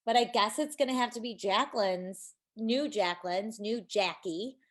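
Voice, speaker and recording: A woman's voice: mid-range voice, normal speed. A woman co-hosting a podcast, recapping reality TV episodes in a blunt, dry, casual way. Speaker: podcast co-host.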